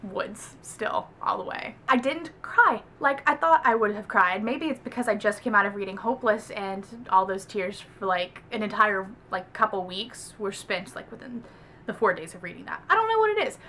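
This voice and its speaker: A woman's voice: medium pitch, normal speed, slight background noise. A woman from the American South giving a casual, chatty book review vlog, with lots of "like" fillers. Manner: chatty, animated, heavy use of "like".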